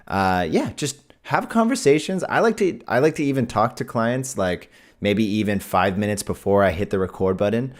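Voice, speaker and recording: A man hosting a live video editing tutorial, talking casually and thinking aloud as he works. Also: fairly low pitch.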